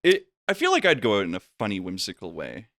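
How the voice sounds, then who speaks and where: A man casually telling a long story on a podcast, acting out the people in it with big jumps in pitch. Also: fast, no echo, studio quality. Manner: animated, acts out voices with big pitch jumps. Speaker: podcast guest.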